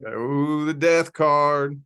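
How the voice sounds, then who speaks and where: A man's voice: a little high, slow pace, clean tone. A man from the Kentucky area with a Southern accent, talking casually as an interview guest and often restarting his words. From Southern Indiana / Louisville, Kentucky area. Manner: relaxed, repeats words when starting, frequent "you know". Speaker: guest, spiritual reader.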